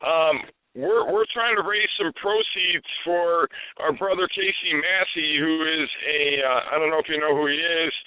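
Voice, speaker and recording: Host, man, earnest and halting, smooth fairly high voice, dry lo-fi phone sound. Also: dry recording. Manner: hesitant, filler-heavy, earnest. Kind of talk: radio show announcement. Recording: dry phone-line quality.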